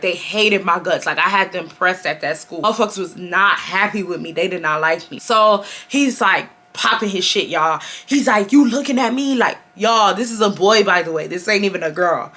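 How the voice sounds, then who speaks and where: Bright-voiced animated young woman storyteller. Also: mid-range voice. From Houston, Texas. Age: 20s. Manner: animated, addresses viewers as y'all, heavy slang and swearing. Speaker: storytime vlogger. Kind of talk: casual storytelling to viewers.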